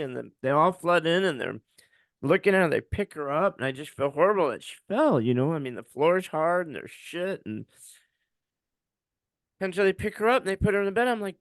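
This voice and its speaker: A man's voice: fairly high pitch, expressive, moderate pace, no echo, studio quality. A man co-hosting a podcast, telling a raw, emotional personal story and swearing as he relives it. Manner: raw, swearing, quotes himself shouting. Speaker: podcast co-host.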